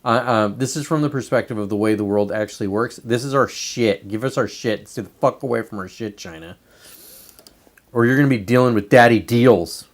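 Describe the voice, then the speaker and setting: A man's voice: mid-range voice, fairly quick. A man ranting on politics in a brash, profane casual livestream style, talking to viewers and pointing at a map. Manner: brash, swearing, talks to a pointer and chat. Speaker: livestream host.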